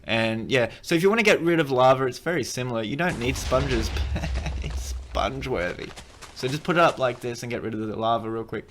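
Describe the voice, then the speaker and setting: Man, casual game tutorial, rambling, jokey, mid-pitched voice, faint background noise. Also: animated, a little fast, few pauses. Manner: rambling, joking, self-correcting. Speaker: gaming video creator.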